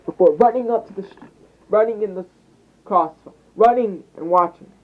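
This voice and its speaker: A man's voice: sits high, normal speed. A young man narrating an improvised fan story, rambling and hesitant with frequent restarts, over a tinny phone mic.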